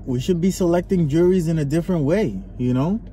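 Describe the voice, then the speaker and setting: A man co-hosting a casual podcast from inside a car, ranting with lots of swearing and animated storytelling. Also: fairly high pitch, a little fast. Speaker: podcast co-host. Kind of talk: casual chat. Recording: faint car noise behind.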